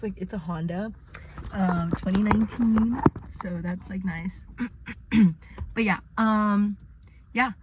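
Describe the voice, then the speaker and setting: A woman's voice: medium pitch, heavy background noise. A young woman talking earnestly in a casual vlog from inside her car, with lots of fillers. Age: young adult. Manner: chatty, earnest, many fillers. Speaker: vlogger.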